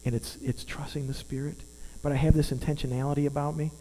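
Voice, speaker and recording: A man's voice: on the high side, flat delivery, fast talker, dark tone. A man, preaching a sermon in an earnest, conversational way and asking the congregation questions. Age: 50s. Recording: long hall reverb with mains hum.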